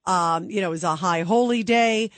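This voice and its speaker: A woman's voice: fairly low pitch, moderate pace, no echo. Emphatic woman radio host. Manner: emphatic, indignant, conversational. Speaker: radio talk show host. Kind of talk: call-in talk radio.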